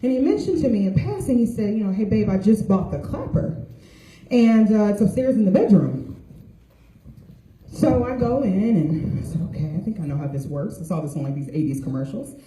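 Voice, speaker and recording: Middle-aged woman doing stand-up, super mellow dark voice, jumpy lively pitch, echoey room. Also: normal speed, a little hiss or hum. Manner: storytelling with voiced quotes of others. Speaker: stand-up comedian. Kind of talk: stand-up comedy set. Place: stage with audience laughter.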